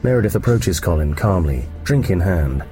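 Deep-voiced man reading stage directions. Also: expressive, moderate pace, mellow.

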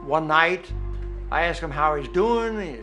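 A man recalling a personal memory in an interview, emotional and halting, with restarts. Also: a little high, expressive, over music. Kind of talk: personal recollection.

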